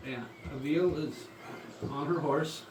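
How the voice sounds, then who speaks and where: A man running a tabletop game, with relaxed narration full of small pauses. He sounds far from the mic in an echoey room, with steady loud noise behind him. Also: a little high. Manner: relaxed, halting narration with frequent ums. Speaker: game master.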